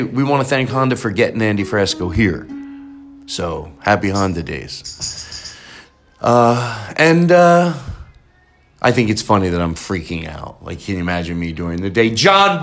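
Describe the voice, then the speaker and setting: A man hosts a podcast in excited, rambling casual chat. His voice swings all over the place, leaping high when he gets worked up. Faint guitar music plays behind him. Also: unhurried. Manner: excitable, rambling, jumps up in pitch. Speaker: podcast host.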